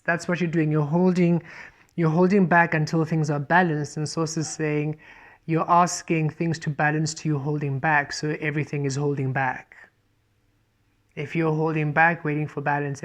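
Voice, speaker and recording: A tarot reader giving a spiritual reading, speaking earnestly and repeating points. They often speak as "we" and relay guidance as quoted messages. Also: mid-range voice.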